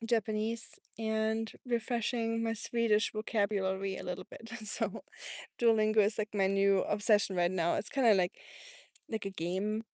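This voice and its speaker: A woman's voice: mid-range voice, steady tone, normal speed, darkish tone, no room sound, clean studio sound. A woman with a German accent, hosting a casual live stream and chatting with viewers as she answers their comments, laughing often. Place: home in Tennessee.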